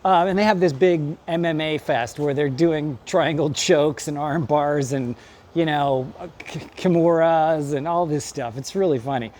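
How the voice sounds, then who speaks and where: A man's voice: a little high, a little mellow. A man giving a casual, rambling movie review with lots of fillers and frequent laughs. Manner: rambling, chatty, laughs often. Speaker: movie reviewer and acting coach.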